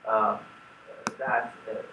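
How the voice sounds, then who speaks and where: Male academic, halting lecture full of ums, heard from afar in a roomy, noisy hall. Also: mid-range voice, little pitch movement. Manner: halting, many fillers and restarts. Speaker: conference plenary speaker. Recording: echoey hall, distant mic, noisy.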